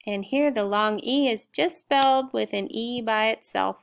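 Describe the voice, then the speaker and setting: A middle-aged woman teacher slowly sounding out spelling words and explaining vocabulary in a recorded lesson. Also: on the high side, slight background noise. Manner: slow, clear word-by-word sounding out.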